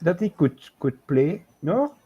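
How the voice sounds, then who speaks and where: A man's voice: fairly high pitch, very animated, takes it slowly, slightly rough, phone-quality sound. Patient man coaching a painter. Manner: patient, step-by-step instructing. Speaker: co-host of a painting chat show. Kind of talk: casual livestream chat while coaching painting.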